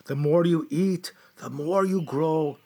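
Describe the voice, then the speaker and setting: Brief: fretful man, a gardener sketch, slow, husky and lively, a higher voice. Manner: fretful, muttering to himself, fond with his plants. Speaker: comedic performer as a gardener. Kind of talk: comedy sketch monologue.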